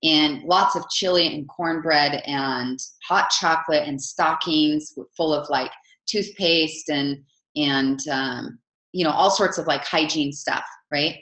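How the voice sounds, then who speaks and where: Low-voiced woman coach, chatty and heartfelt, roomy sound. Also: slow pace. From Utah, USA. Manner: chatty, warm storytelling with many "right?" asides. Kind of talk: live online coaching session. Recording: roomy echo.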